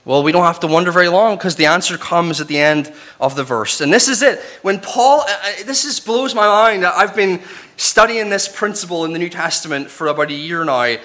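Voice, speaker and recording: A man from Northern Ireland with a softened Northern Irish accent, teaching from the Bible in a chatty, conversational way. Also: sits high, a little fast. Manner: conversational, chatty, with restarts and asides. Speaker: preacher. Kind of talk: casual Bible teaching sermon.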